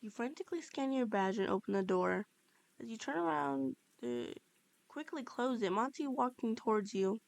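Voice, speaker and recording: Woman reading fanfiction, gravelly voice. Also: on the high side, moderate pace, no echo. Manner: steady storytelling with small slips and restarts. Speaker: fanfiction reader. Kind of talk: second-person fan-fiction narration.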